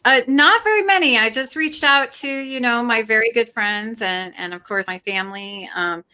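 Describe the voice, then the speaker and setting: A woman chatting casually on a livestream, giggly and excitable, trailing off into fillers. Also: on the high side, normal speed, clean tone. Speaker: guest.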